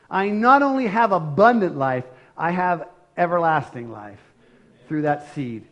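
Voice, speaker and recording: An older man delivers a sermon in a casual, earnest way, often restarting his sentences. His voice sits high for a man. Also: expressive, measured pace, fairly bright tone, dull audio. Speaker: preacher.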